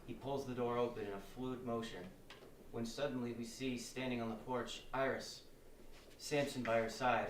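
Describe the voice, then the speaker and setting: A man's voice: medium pitch, far from the mic. Male narrator for stage directions; roomy, echoey live-reading sound with faint background noise. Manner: steady, descriptive reading.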